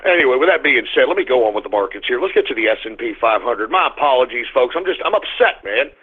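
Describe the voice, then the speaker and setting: A husky, mid-range male voice, animated and fast, comes through narrow phone-line audio. The man hosts a radio show, angrily cursing through a ranting monologue, punctuated by blunt market reports and abrupt shouting swings.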